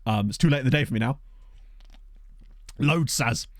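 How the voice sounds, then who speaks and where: A man's voice: medium pitch, moderate pace, no room sound, clean studio sound. A man chatting casually with his live-stream viewers and answering their messages in a playful, talkative way. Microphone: desk condenser mic.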